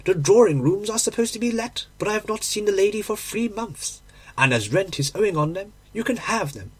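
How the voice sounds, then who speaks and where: A bustling, deferential landlady, eager to please and quick to protest, as a male reader puts her on. Her voice sits higher than his own and stays breathy and husky. She rises and falls a great deal as she talks. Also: expressive. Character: chatty respectful older London landlady.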